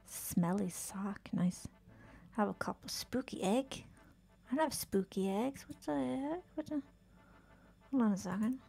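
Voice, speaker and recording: Woman streamer, husky, gravelly fry, casual chatty gaming talk, faint music behind. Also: medium pitch, dark tone. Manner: chatty, swears casually, talks to game characters; often drops to a whisper. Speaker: game streamer. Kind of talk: casual live-stream chat while gaming.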